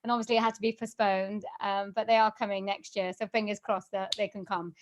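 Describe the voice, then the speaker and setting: A woman's voice: mid-range voice, brisk, a little hiss or hum. A woman being interviewed on a podcast, speaking casually and with animation, with plenty of fillers and laughs. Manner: chatty and animated, laughs often, many fillers. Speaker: guest, voiceover artist and singer.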